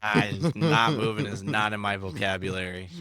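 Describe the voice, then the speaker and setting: A young man co-hosting a casual podcast, hyper and rambling with a jokey streak. His voice sits on the low side. The sound is close and dry. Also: fairly even intonation, moderate pace, pushed and bright, smooth, no room sound. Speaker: podcast co-host. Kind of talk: casual podcast chat and scripture reading.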